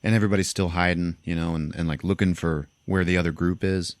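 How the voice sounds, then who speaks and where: A man's voice: fast talker, no echo. A young man hosting a podcast, casually recapping a movie plot and acting out the characters' lines. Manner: animated storytelling, acts out characters in high voices. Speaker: podcast host.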